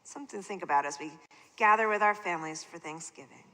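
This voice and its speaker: A woman's voice: on the low side, fast. A woman leading a service, speaking playfully and with animation to children in a synagogue sanctuary. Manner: playful, animated, talking to kids. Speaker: service leader. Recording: echoey sanctuary reverb.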